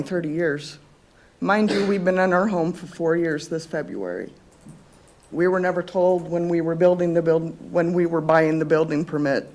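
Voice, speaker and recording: Woman reading her statement with emotion. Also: medium pitch. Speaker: resident giving public comment.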